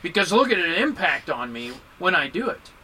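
A man giving a Buddhist dharma talk to a group, animated and joking, with emphatic swings in his voice. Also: high voice, normal speed, slight background noise, poor audio. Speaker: Buddhist teacher.

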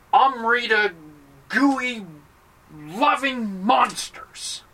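High, bright-voiced male Buddhist teacher. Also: recorded from a distance, rough recording. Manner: playful, acts out little dialogues with voices. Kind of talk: dharma talk.

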